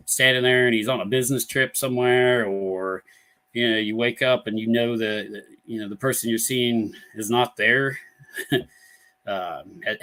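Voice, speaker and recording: A man's voice: medium pitch, fairly bright tone. A man hosting a paranormal talk show live, telling a story in a rambling casual way full of fillers and restarts, over a computer mic. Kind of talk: casual live-stream chat. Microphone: computer mic on a live stream.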